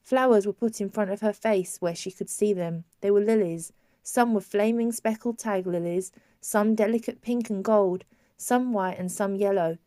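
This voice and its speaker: A woman narrates a novel in a measured, even storytelling manner, at a middle pitch. Her voice is close and dry, with no room sound. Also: dry recording. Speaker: audiobook narrator. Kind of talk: scripted narration.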